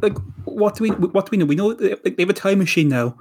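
Casting: male podcast co-host, fairly high voice, rambling, stop-start chat. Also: expressive, fast talker, warm tone, husky. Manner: rambling, many restarts and repeated words. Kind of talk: casual chat.

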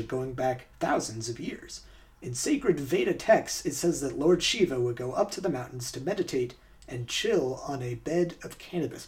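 A man at a middle pitch reads trivia aloud for a quiz on a podcast. His reading is steady and measured, and he slips into easy, casual chat between the questions. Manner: reads facts aloud, then chats casually. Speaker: podcast host.

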